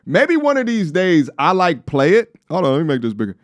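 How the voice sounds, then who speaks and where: A man's voice: a little high, huge pitch swings, fairly quick, dry recording, clean studio sound. A man from Long Island in his thirties with a faint New York accent, chatting loosely and jokingly as he reacts to a video on stream. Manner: loose, joking, slangy, breaks into song. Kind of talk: casual reaction-stream chat.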